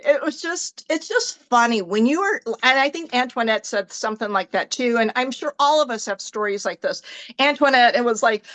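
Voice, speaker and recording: A middle-aged woman giving an animated motivational team talk, acting out her own thoughts as she tells stories. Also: on the high side. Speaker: team leader in direct sales.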